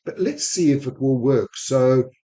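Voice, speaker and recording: This man speaks with an accent blending South African, Spanish and American sounds, and he rattles through a software demo with eager enthusiasm. His tone is mellow and his pitch is mid-range for a man. He talks into a desk microphone while recording his screen. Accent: mixed South African, Spanish and American. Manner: quick, enthusiastic talk. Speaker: sales technology speaker.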